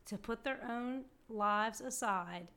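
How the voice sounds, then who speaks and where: A woman's voice: on the high side, takes it slowly, sharp tone. A woman in casual political chat, agreeing and adding her own commentary. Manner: agreeable, backs up and adds commentary.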